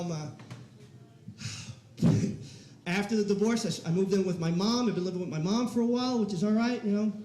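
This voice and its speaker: A man's voice: high-pitched, darkish tone. A man doing a stand-up comedy set on a club stage, with a brash, profane, punchy delivery. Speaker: stand-up comic. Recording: echoey club room.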